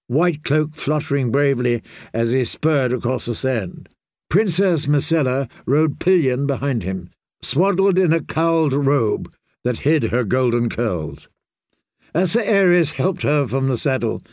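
Male audiobook narrator, slow and measured, lively pitch, dry close sound. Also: no room sound. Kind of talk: scripted narration.

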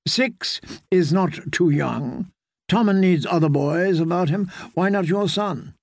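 A woman's voice: lowish voice, takes it slowly, darkish tone, dry recording, studio quality, pitched above the performer's own voice. A man doing a cold, haughty queen. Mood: imperious. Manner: cold, imperious, condescending. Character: haughty scheming middle-aged queen.

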